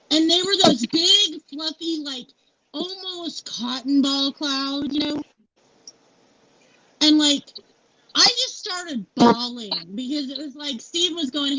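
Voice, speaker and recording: A woman's voice: high-pitched, pushed and bright. A middle-aged woman interviewed as a guest, candidly telling a personal story with many fillers. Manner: candid and heartfelt, many fillers like "like" and "you know". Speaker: founder and CEO interviewed as guest. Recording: dull lo-fi sound with faint noise.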